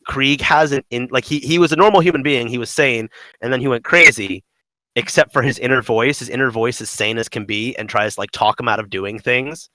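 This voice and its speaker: A man co-hosting a casual gaming podcast, talking in a rambling, animated way with many fillers. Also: mid-range voice, a little fast, no room sound, poor audio. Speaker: podcast co-host.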